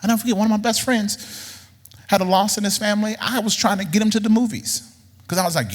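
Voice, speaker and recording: A male preacher delivering a blunt, teasing sermon that swings from low muttering to high outbursts. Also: fairly quick, long pauses, husky, in a large hall.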